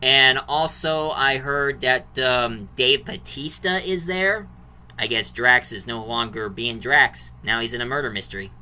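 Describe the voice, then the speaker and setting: Brief: male movie reviewer, casual and rambling, very bright, cutting tone. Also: medium pitch, measured pace, clean tone. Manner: rambling plot recap, restarts and fillers.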